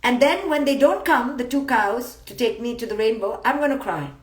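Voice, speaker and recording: A woman's voice: a little high, expressive, moderate pace. Emphatic woman in an echoey room. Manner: emphatic, repeats key words, playful and blunt. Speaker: psychologist and motivational speaker. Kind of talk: live-streamed motivational talk. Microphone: phone live stream. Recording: roomy echo.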